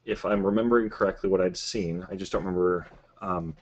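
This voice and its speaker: A man with a very deep voice, talking as a podcast guest. He rambles and drifts off topic in a loose, conversational way. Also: fairly even intonation, fairly quick, dull audio. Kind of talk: casual podcast discussion.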